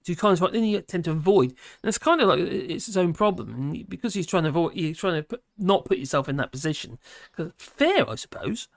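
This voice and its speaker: Norfolk-accented male streamer with a somewhat high voice in a dry room, rambling and self-deprecating as he reads chat. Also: animated, brisk, creaky, few pauses, no room sound. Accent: Norfolk English. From England. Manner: rambling, hesitant, filler-heavy; chuckles easily, self-deprecating. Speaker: livestream host reading chat. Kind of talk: casual livestream chat. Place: home in rural France.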